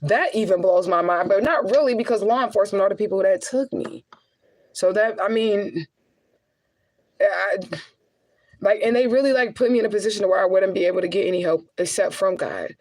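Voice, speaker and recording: A woman's voice: mid-range voice, a little fast, rough recording. Profane, rambling middle-aged woman vlogging. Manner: raw, rambling and profane, venting to viewers. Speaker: YouTuber and spiritual medium. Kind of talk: emotional direct-to-camera monologue.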